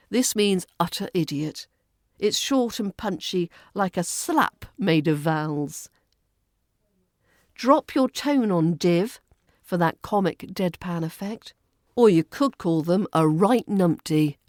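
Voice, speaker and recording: A woman's voice: lowish voice, lively intonation, slow, a little mellow, no echo, studio quality. A woman with a British RP accent teaching pronunciation, playfully demonstrating phrases with exaggerated intonation. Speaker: accent coach. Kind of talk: scripted pronunciation lesson.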